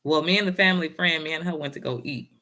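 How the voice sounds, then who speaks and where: A woman's voice: low-pitched, quick pace, sharp tone. A woman giving a casual motivational talk and telling a personal story, speaking in a down-home way and often addressing her listeners directly.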